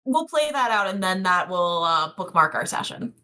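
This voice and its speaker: A woman's voice: on the low side, very animated, normal speed, bright, forceful tone. Casual woman running a tabletop game. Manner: casual, rambling with fillers. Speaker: game master.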